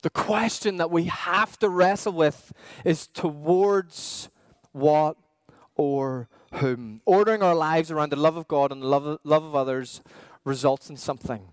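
Male pastor, slightly higher voice, earnest questioning sermon. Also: fairly even intonation, no room sound. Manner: earnest, questioning, with slow emphatic pauses.

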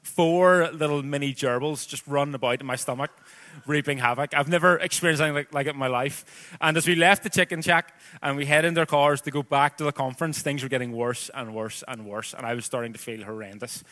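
A man's voice: mid-range voice, steady tone, a little fast, pushed and bright. A man in his thirties with a Northern Irish accent, preaching a sermon that moves from scripture reading into a chatty personal story full of casual asides. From Northern Ireland.

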